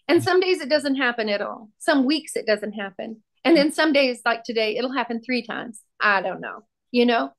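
A woman's voice: on the high side, animated, normal speed, gravelly, few pauses. A woman sharing her testimony as a podcast guest, fervent and emphatic, repeating key phrases for weight. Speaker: podcast guest, prayer ministry founder.

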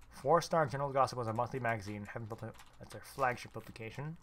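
A man casually reading a visual novel aloud as a let's player, with quick reactions of his own. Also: medium pitch, fairly bright tone. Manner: casual, swears in surprised reactions.

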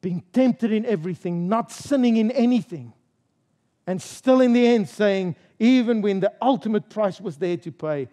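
A man's voice: high-pitched, expressive, normal speed, warm tone. A male pastor preaching a sermon in a church service, stressing his points with rhetorical questions and repeated phrases.

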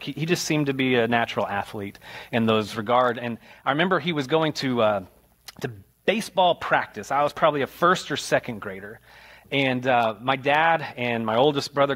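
Man preaching a storytelling sermon. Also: mid-range voice. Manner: storytelling with rising animated retellings. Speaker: pastor. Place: church sanctuary.

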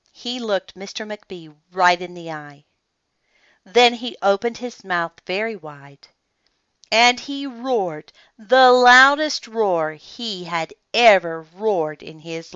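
A woman reading a children's picture book aloud in an expressive, deliberate storytelling manner. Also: fairly low pitch, dry recording. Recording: dull lo-fi, dry sound.

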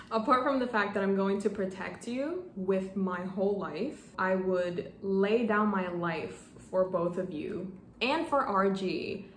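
A woman in her twenties chatting casually in a book vlog, gushing and excitable, often stumbling over her words. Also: medium pitch, slow pace. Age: 20s. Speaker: book vlogger. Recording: echoey room, faint background hum.

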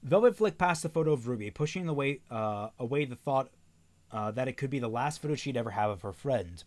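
A man's voice: medium pitch, lively intonation, brisk, a little mellow. A man reading a novel aloud on a stream, often stumbling and correcting himself, with wry asides.

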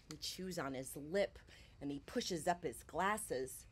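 Woman, children's storyteller, reading a picture book, slow, lowish voice, whispers and outbursts. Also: breathy edge. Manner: expressive, swings between hushed whispers and loud outbursts. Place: porch, outdoors.

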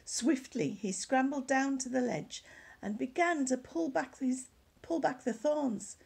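Woman storyteller for kids, fairly high voice, gravelly and husky, animated read-aloud. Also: unhurried. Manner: animated, with hushed whispered asides. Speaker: children's storyteller at church. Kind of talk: reading a picture book aloud to children.

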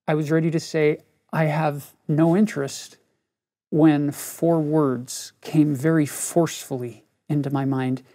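This middle-aged man, a religion teacher, speaks a little high with vocal fry and a mellow quality. He's teaching a scripture lesson, earnestly sharing a personal story and addressing his listeners directly.

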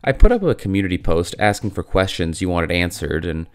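A man in his thirties hosting his own channel in a chatty, self-deprecating way, his voice roughened by illness. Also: deep voice, very animated, brisk. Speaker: YouTube channel host. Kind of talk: casual talking-head vlog.

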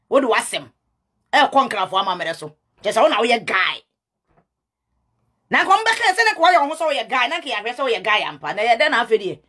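Woman, Ghanaian accent, heated scolding rant, fairly high voice. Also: fairly bright tone, slightly rough. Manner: scolding, repetitive, mixes in English. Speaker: self-styled prophetess.

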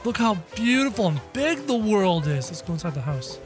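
A man playing a brash, cocky cartoon rabbit jester, chatting excitably through a game and yelping when scared. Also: high-pitched, normal speed, faint music behind. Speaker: gaming YouTuber playing in character. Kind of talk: in-character gameplay commentary.

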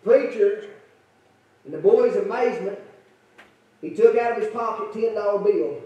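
A man's voice: high voice, normal speed, highs cut off. A male preacher telling a folksy story in a sermon, repeating himself with fillers. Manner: folksy, repetitive, filler-laden. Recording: echoey church from far off.

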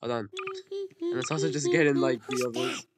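Very low-voiced woman gaming. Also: brisk. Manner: excitable, swearing, yelling at the game. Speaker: gamer. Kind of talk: gameplay commentary. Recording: loud background noise.

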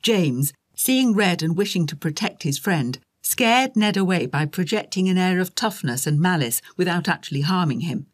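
Rich: A woman narrating an audiobook in a slightly low voice, with measured, expressive storytelling.

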